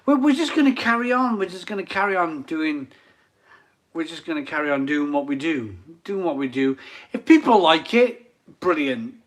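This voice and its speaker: A man's voice: a little high, sing-song, moderate pace. A man in his forties hosting a casual live beer stream, chatty and laughing often as he reads out viewer comments. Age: 40s.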